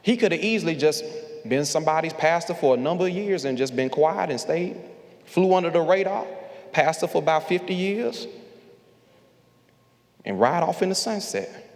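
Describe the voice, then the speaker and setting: Man, high voice, preacher, call-and-response sermon, echoing church hall. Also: lively intonation, moderate pace, long pauses. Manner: rhythmic, repeating lines, calls on the congregation to answer. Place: large church sanctuary with balcony. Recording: long hall reverb from the sanctuary.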